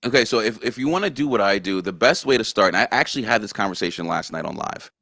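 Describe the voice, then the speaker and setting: A man's voice: fairly low pitch, animated, fast, creaky, a bit bright, no echo, studio quality. A man guest on a casual interview chat, earnestly explaining things step by step. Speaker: guest content creator.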